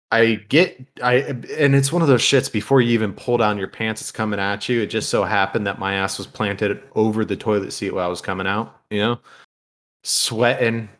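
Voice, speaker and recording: A man co-hosting a podcast, telling crude, profanity-filled stories in a casual way and laughing as he goes. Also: lowish voice. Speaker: podcast co-host. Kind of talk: casual storytelling.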